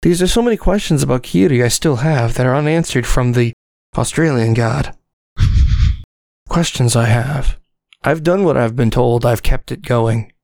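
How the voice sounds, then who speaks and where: A man's voice: medium pitch, vocal fry, darkish tone, no room sound. A man hosting a podcast in casual joking chat, goofy, bossy and mock-grandiose. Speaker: podcast host. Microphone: dynamic mic.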